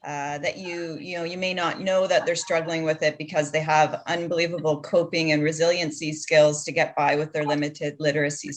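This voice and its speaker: A woman's voice: deep voice, flat delivery, fairly quick, hardly any pauses. A woman, a charity director, answering questions in a casual interview over a video call, earnest and explanatory. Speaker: executive director of a literacy charity.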